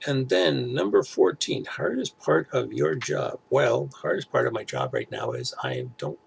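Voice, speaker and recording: A middle-aged man vlogging in a rambling, halting, casual way with many fillers. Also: medium pitch, big pitch swings, vocal fry, a little hiss or hum. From Toronto area, Canada. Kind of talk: casual chat to camera.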